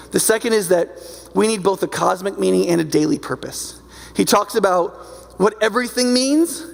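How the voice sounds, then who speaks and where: A man's voice: fairly high pitch, creaky. A male pastor preaching a sermon in a loose, conversational way, often checking in with his listeners. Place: church sanctuary. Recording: long hall reverb from a church.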